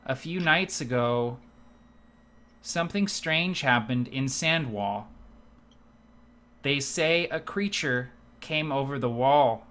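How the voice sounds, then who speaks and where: A man's voice: mid-range voice, slow, pauses often. A man voicing a dull male dwarf bard who speaks with no inflection or weight to his words. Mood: droning. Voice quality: flat, no inflection, droning.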